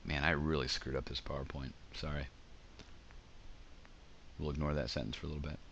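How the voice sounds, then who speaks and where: A man's voice: very deep voice, flat delivery, fairly quick, fairly bright tone, slight background noise. A man giving a casual grammar lecture over slides, explaining with examples and frequent ums. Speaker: teacher.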